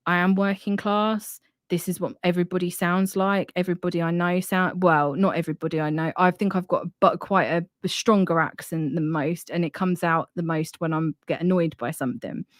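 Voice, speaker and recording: A woman's voice: lowish voice, fairly even intonation, a little fast, no echo, clean studio sound. A young woman from near London with an Estuary English accent, hosting a casual live chat in a frank, chatty way. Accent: Estuary English, London area. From England, near London. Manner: chatty, frank, laughs easily, swears casually. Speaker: podcast host. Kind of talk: casual live-stream discussion.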